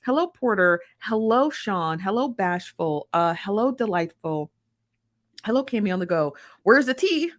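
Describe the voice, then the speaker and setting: This woman hosts a casual livestream, greeting viewers one by one. Her medium-pitched voice is animated and a little slow, and she's chatty and blunt, full of slang.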